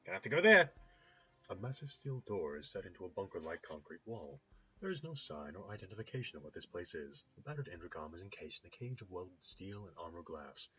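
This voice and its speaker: Husky, lively man reading game text. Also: sits low, a little fast, muffled recording, faint music behind. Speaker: let's play host.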